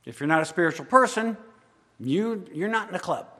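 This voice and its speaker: A man preaching a sermon as pastor, swinging between loud emphatic declarations and quiet, intimate asides. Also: sits high, lively intonation, fairly quick. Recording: long hall reverb.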